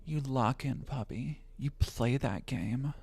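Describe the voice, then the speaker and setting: A man's voice: mid-range voice, slow, gravelly, a little mellow, a little hiss or hum. A man streaming live, chatting casually, joking and swearing as he rambles.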